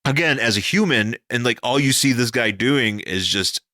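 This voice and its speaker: Lively, bright-voiced man riffing casually. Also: medium pitch, moderate pace, dry recording, clean studio sound. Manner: rambling, jokey, filler-heavy, swears freely. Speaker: podcast co-host. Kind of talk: casual comic-book discussion.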